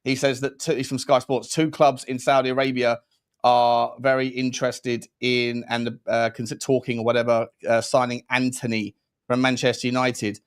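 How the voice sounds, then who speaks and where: A man's voice: medium pitch, little pitch movement, normal speed, smooth, no room sound, studio quality. A man co-hosting an online football news show, talking casually and rambling with restarts. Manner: rambling, restarts, addresses viewers and co-host as mate. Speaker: co-host.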